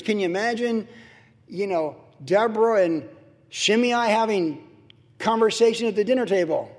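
Middle-aged pastor, emphatic conversational preacher, high voice, sermon in a reverberant sanctuary. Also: male voice, animated, normal speed. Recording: long reverb of a large hall.

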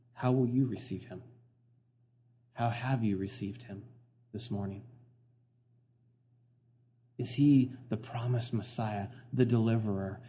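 A man's voice: mid-range voice, mellow, muffled recording. A middle-aged man preaching a sermon as pastor, earnest and conversational, full of fillers and restarts.

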